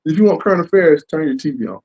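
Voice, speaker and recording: A man's voice: a little high, rapid-fire, slightly rough, lo-fi sound. A man, a comic book creator talking in a casual interview and acting out what fans say to him. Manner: animated, acts out fans' lines.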